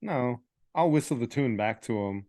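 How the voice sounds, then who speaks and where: A man playing a tabletop game, talking in a relaxed, playful way. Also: medium pitch, normal speed. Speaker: player. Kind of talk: casual tabletop play.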